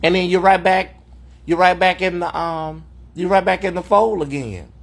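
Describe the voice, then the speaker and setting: A man with a somewhat high voice hosts an off-the-cuff livestream from a hotel room. He talks in a sassy, mocking way and calls people honey. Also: normal speed, gravelly. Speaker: host of a livestream commentary show. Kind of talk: unscripted livestream commentary.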